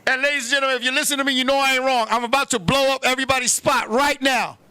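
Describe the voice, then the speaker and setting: A man hosting a comedy show, ranting loudly and brashly, swearing freely and sometimes breaking into chants. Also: extremely high pitch, fairly even intonation, rapid-fire, slight background noise. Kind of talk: comic rant.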